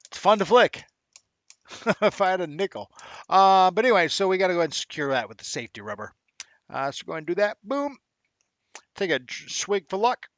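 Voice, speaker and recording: A man's voice: high-pitched, expressive, fast talker, a bit bright, no room sound, lo-fi sound. Chatty upbeat man with dry sound. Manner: chatty and upbeat, laughs often, uses slang. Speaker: live show host. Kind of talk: casual livestream chat.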